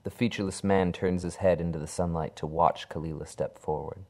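A deep-voiced man narrates a horror story. His delivery is low, dark and measured. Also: fairly even intonation. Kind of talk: dramatic horror story reading.

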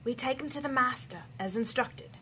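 A woman's voice: sits high, moderate pace, sharp tone, husky, full character voice. An actress playing a commanding female cult leader who speaks curtly. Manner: commanding, curt.

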